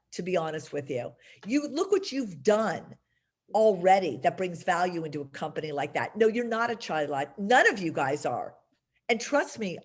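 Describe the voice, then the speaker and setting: A woman's voice: medium pitch, husky. A woman teaching a class as a career coach, emphatic and chatty, speaking straight to her students.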